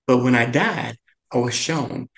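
A man, a guest chef, earnestly recounting a personal story in a halting way, with many "and, uh" fillers and his pitch jumping up whenever he quotes someone. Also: creaky, fairly bright tone, poor audio. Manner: pitch leaps up when quoting others.

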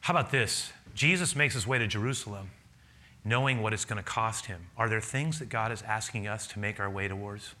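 A man preaching a sermon, telling a personal story with lively laughter and acted-out dialogue. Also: fairly low pitch, brisk. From a city. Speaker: pastor.

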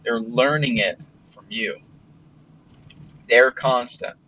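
A man's voice: medium pitch, slow, pushed and bright, dull audio. A man hosting a podcast in a casual monologue, blunt and rambling, with lots of fillers and some swearing. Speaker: podcast host.

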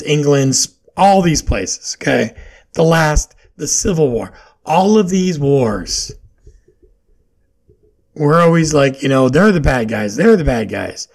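Male podcast host, raspy with vocal fry; opinionated, questioning, loose and unscripted. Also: on the high side. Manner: questioning, opinionated rambling with fillers. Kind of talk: solo podcast monologue.

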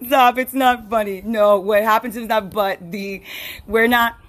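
A woman's voice: fairly high pitch, steady tone, a little slow, a little hiss or hum. A woman hosting a casual solo podcast, rambling with frequent laughs, restarts and fillers. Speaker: podcast host.

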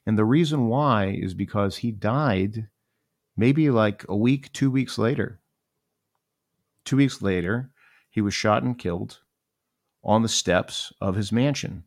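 A man in his forties with a gravelly, fry-edged voice that sits a little low. He tells a personal story in a loose, reflective way, circling back and repeating his phrases as he goes. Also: measured pace, pauses often.

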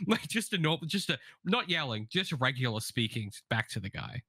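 A man on a casual podcast tells a story with a bright, lively voice that swoops up and down as he acts out the people in it. He swears freely and talks into a close, dry mic. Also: fairly high pitch, normal speed, no room sound. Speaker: podcast co-host. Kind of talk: casual advice-podcast chat.

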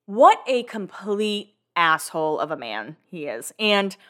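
A woman's voice: mid-range voice, sing-song, measured pace, fairly bright tone. A woman hosting a casual recap podcast, chatty and filler-heavy, with the odd swear word. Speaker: podcast host.

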